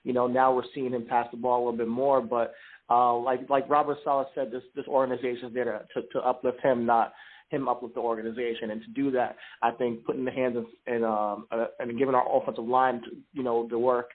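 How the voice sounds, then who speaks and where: A male caller talks casually on a sports show and keeps restarting his sentences. His voice is husky at a middle pitch. The line sounds thin and phone-like. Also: little pitch movement. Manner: halting, many restarts. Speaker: caller, fan club guest.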